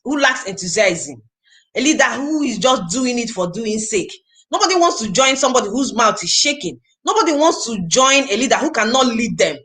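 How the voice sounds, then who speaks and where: A woman leading a motivational training talk on recruiting, emphatic and repetitive, drilling each point home. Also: high voice. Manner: acts out the prospect conversations in animated voices. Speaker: network marketing team leader and trainer.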